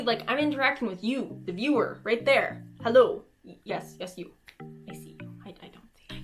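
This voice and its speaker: Woman, playful and goofy, cosplay tutorial host, slightly high voice, faint music behind. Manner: playful, goofy, acts out expressions. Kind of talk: casual talk to camera.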